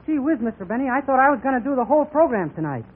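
Boyish, naive young man, very high voice. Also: very animated, very fast, a little hiss or hum. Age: young adult. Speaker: comedy show regular. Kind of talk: scripted radio comedy. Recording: tinny old radio broadcast.

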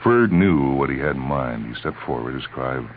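A man narrating a story in a measured, dramatic reading on a tinny old radio recording. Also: extremely low pitch, animated, a little hiss or hum.

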